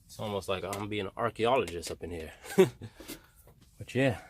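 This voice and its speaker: A man's voice: lowish voice, quick pace, a little hiss or hum. A man casually walking through a car restoration project in a garage vlog, talking in a plainspoken, rambling way. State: out of breath. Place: home garage workshop.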